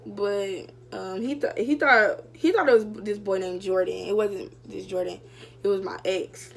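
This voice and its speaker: A woman's voice: medium pitch, a little slow, creaky, slight background noise. A young woman vlogger casually telling a story to her viewers, chatty and full of fillers. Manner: chatty, addresses viewers directly, many fillers.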